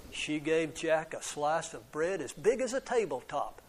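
A man's voice: on the high side, sing-song, a little slow, few pauses, slight background noise. A man reading a fairy tale aloud to children, adding little asides to the kids and stumbling now and then over words. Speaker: storyteller.

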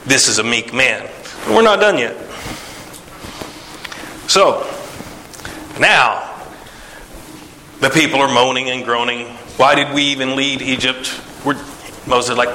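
Animated, bright-voiced male storyteller in echoey room. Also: unhurried, long pauses, a little hiss or hum. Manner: animated, acts out voices with sighs and pitch jumps. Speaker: preacher. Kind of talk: casual retelling of a Bible story.

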